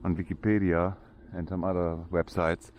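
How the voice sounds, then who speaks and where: A German-accented man talks his way through an outdoor walk, his voice very deep and flat with little rise and fall. He stops and restarts often while he hunts for the right English words, and a faint outdoor hush sits under his voice. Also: slight background noise. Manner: halting, searching for English words, many restarts. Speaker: vlogger. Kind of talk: casual walking tour narration. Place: outdoor cemetery.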